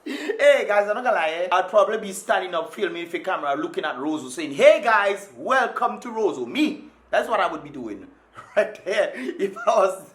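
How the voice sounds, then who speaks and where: A man's voice: high voice, animated, brisk, roomy sound. A man from Dominica, doing hype-filled casual vlog commentary with laughing asides. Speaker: vlogger.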